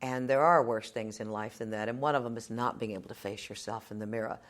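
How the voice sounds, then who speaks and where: A woman's voice: very deep voice, fast talker. A woman in her fifties from Texas, a television journalist answering interview questions as a plainspoken, wry storyteller.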